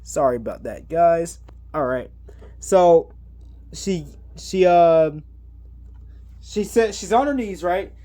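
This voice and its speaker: Excitable young vlogger retelling a movie. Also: mid-range voice, slow pace, long pauses. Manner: excitable, rambling retelling full of slang and fillers. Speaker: movie reviewer. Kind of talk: casual spoiler movie recap. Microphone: camera on a stand.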